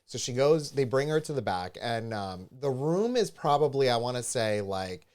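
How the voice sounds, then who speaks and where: A man's voice: medium pitch, very animated, normal speed, darkish tone. A man co-hosting a podcast, telling a story animatedly in casual chat and acting out the voices of the people he quotes. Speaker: podcast co-host. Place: studio with a live stream.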